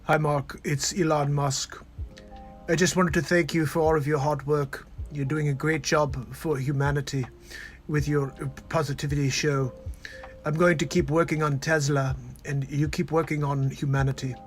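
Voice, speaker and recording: A man's voice: a little high, level tone, normal speed, soft background music, lightly acted. A man doing a comedic impression of a stiff, earnest tech billionaire sending well wishes.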